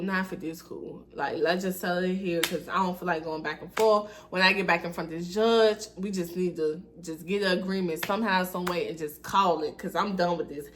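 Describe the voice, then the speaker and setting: A young woman vlogger telling a storytime in a sassy, animated, colloquial way. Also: mid-range voice, slight background noise. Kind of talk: casual storytime.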